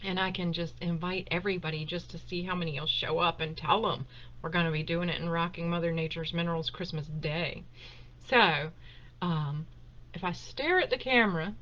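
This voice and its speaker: A woman's voice: fairly low pitch, fairly even intonation, moderate pace, fairly bright tone, dull audio. A woman chatting casually and emotionally on a home livestream, with lots of fillers and laughter. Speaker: host of a live Q&A stream. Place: at home, indoors. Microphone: webcam on a desktop.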